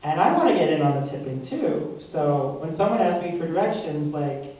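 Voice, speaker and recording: A man's voice: a little high, expressive, moderate pace, few pauses. A man doing open mic stand-up, meandering and hesitant, full of ums and chuckling at his own jokes, recorded from a distance. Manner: meandering, hesitant, frequent ums and self-laughing asides. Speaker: stand-up comedian. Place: small open mic venue. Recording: dull lo-fi room recording from far off, very echoey, faint hum.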